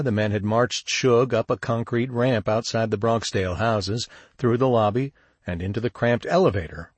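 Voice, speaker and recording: A man narrating a crime story in a steady, measured audiobook read. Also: on the low side, no echo. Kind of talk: scripted narration.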